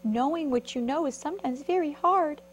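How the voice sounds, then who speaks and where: A woman voicing an eager, determined little female caterpillar in a storybook reading, with an excited sing-song manner. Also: high voice, moderate pace, a little hiss or hum, pitched above the performer's own voice, natural voice. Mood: weary sighing.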